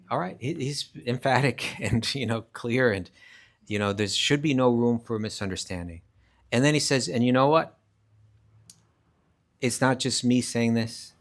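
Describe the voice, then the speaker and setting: A man's voice: mid-range voice, moderate pace. A man teaching a live scripture class, explaining emphatically, restarting phrases often and reciting verses in Sanskrit. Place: class at a rural retreat centre.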